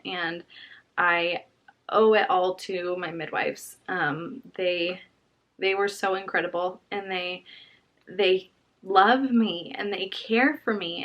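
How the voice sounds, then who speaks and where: A young woman telling a personal story to her vlog audience at home. She speaks softly and earnestly, halting and restarting as she searches for words. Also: medium pitch. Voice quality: soft, earnest and heartfelt. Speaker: vlogger.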